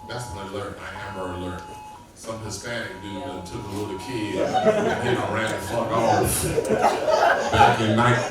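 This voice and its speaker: A man telling profane stand-up stories in a loose, rambling manner, on stage at a comedy club. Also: fairly low pitch. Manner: profane, loose storytelling with acted-out quotes. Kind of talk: stand-up storytelling. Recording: echoey, distant room mic with ambient noise.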